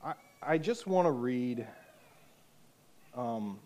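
A man's voice: mid-range voice, slow. A man preaching a sermon to a youth group, telling stories and acting out the people in them with rising emphasis. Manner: animated storytelling, acting out quotes loudly. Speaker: youth pastor.

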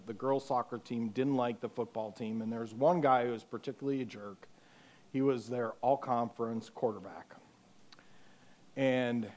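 A man preaching a sermon to a youth group, telling stories and acting out the people in them with rising emphasis. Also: mid-range voice. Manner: animated storytelling, acting out quotes loudly. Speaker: youth pastor.

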